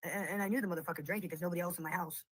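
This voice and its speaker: A woman's voice: fairly low pitch, steady tone, very fast, dry recording, poor audio. A woman host in a casual livestream chat, telling stories bluntly and with plenty of swearing. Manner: blunt, profane storytelling. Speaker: channel host.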